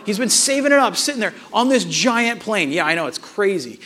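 A man preaching a sermon, telling a family story in an animated way and acting out the dialogue, with frequent restarts. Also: sits high, brisk. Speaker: pastor.

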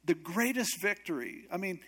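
A man's voice: high voice, animated, moderate pace, a bit bright, husky. Joking, casual male pastor. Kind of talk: sermon.

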